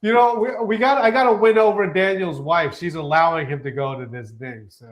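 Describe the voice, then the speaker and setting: Male host, high voice, chatty and joking, restarts sentences a lot. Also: normal speed. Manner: loose, joking banter with many restarts. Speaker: show host. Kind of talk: casual podcast chat.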